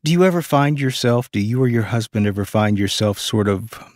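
Male interviewer, lowish voice, thoughtful hesitant questions, dry sound. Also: animated, fairly quick, darkish tone, no room sound. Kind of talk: conversational interview.

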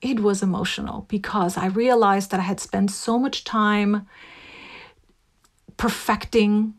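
A woman's voice: mid-range voice, fairly even intonation, unhurried. A woman from Puerto Rico with a Puerto Rican accent, Spanish her first language, an acting professor answering interview questions in a reflective, musical way. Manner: musical, demonstrates speech rhythms.

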